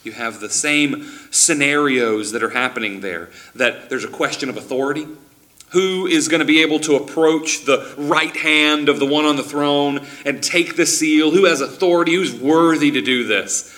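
Guy giving a sermon, bright forward voice, chatty teaching style, trips over his words and restarts a lot. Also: on the high side, normal speed. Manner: conversational teaching with frequent restarts and acted-out quotes. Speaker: preacher.

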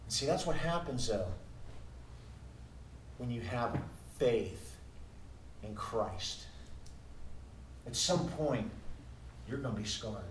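A man preaching a sermon as pastor, moving between quiet musing and loud, emphatic declarations. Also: medium pitch, expressive, slow pace, pauses often, slight background noise. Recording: echoey room heard from a distance.

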